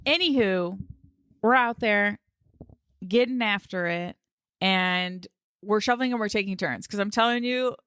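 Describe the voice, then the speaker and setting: Podcast co-host, woman, bright, dry close sound, laughing storyteller. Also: medium pitch, a little slow, pauses often, smooth, dry recording. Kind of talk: casual chat.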